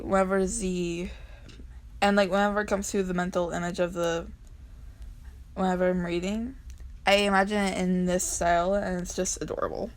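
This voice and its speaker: A young woman casually reading comics aloud and chatting, rambling and giggly with lots of ums and restarts. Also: medium pitch. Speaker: comic reader vlogger.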